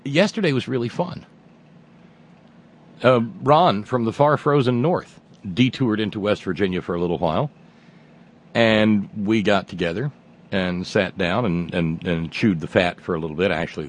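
A man's voice: on the low side, slightly rough. A middle-aged man hosting a radio show, telling a casual, rambling story with restarts and wry asides. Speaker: radio host. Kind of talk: casual monologue.

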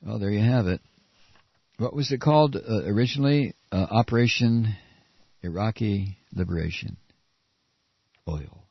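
A man giving sarcastic political commentary while reading a news article, with mocking asides. He swings from shrill mock surprise to low muttering. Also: normal speed, vocal fry, long pauses, husky, dry recording. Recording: dry, dull lo-fi audio.

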